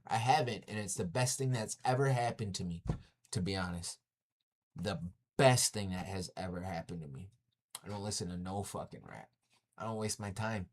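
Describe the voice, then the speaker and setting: A man ranting on a casual livestream and answering his chat. He is blunt and profane, throws "yo" into his sentences again and again, and repeats lines for emphasis. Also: lowish voice. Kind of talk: casual rant to live chat.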